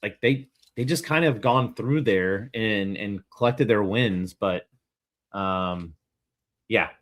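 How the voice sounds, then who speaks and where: Man, podcast co-host, low voice, measured, stat-focused, wry. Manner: measured, reasons through stats, wry asides. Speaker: co-host of a college baseball show. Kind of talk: casual sports chat.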